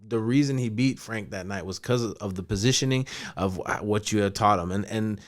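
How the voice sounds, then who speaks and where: A man's voice: fairly low pitch, fairly quick. A man hosting a casual interview who talks in an eager, loose way and swears freely. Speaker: interview host.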